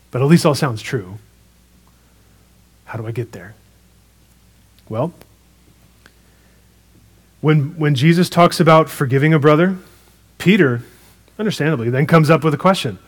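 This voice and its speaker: A man preaching a sermon, retelling a parable in a conversational, animated way with casual asides. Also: on the high side, unhurried, pauses often. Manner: storytelling, animated retelling with acted quotes.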